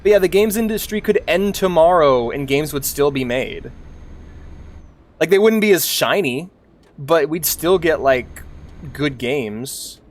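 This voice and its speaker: A man's voice: on the high side, expressive, a little slow. A young adult man streaming a game, ranting casually and animatedly, swearing and laughing often. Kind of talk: casual rant while gaming.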